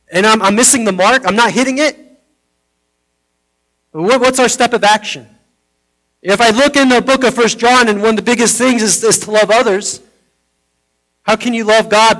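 A man with a high voice preaching a sermon. He is earnest, and his teaching slips into hushed, tender storytelling. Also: poor audio. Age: adult, parent of a foster daughter. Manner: earnest, drops softly into personal stories. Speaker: pastor.

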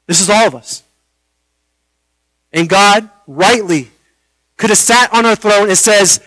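A man preaching a sermon, earnest, with dramatic pauses and rhetorical questions. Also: high-pitched, pushed and bright, no room sound, poor audio. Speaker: pastor.

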